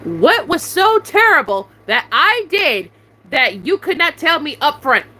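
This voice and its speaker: Furious woman ranting, high and bright. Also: very animated, measured pace, rough recording. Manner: confrontational, repetitive demands, heavy swearing. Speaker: YouTuber venting on a live stream. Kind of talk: angry venting rant.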